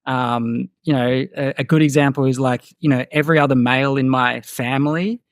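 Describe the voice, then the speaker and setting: A man in his thirties, a guest musician thinking aloud in a relaxed podcast chat, full of fillers and restarts. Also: mid-range voice, a little fast, no room sound, clean studio sound. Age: 30s. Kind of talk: casual podcast conversation.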